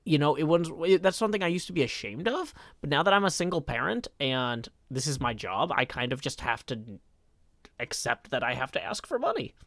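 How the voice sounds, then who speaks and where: A man's voice: fairly high pitch, very animated, fairly quick, a bit bright, no echo. Wry man chatting on a live stream. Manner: reads chat aloud, wry and self-deprecating. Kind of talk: casual live-stream chat.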